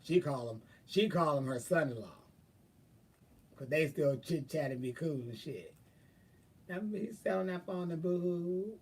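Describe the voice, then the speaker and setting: High-pitched guy on a livestream, sassy and cussing, laughing through his stories, sounds a bit far off the mic. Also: animated, a little slow, darkish tone, husky. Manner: laughing, sassy, profane storyteller; gives frank advice to viewers. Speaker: livestream host. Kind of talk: casual storytelling chat.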